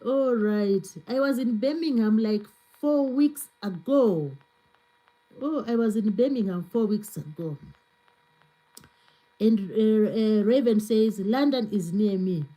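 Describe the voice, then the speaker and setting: A woman's voice: a little high, slow, dark tone, poor audio. A woman hosting a live stream, chatting casually and reading out viewer comments to answer them. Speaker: cooking channel host on a live stream.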